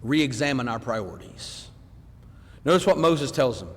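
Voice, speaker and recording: Animated preacher in a reverberant church. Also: male voice, mid-range voice, a little slow. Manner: animated, swings between loud emphasis and quiet asides; acts out congregants' voices mid-sermon. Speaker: preacher teaching a Bible class. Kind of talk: sermon. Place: church sanctuary.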